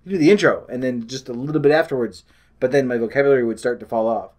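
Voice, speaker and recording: A man's voice: medium pitch, fast talker, darkish tone. A man from Canada, chatting in a rambling, self-deprecating way on a weight loss vlog and often losing his train of thought.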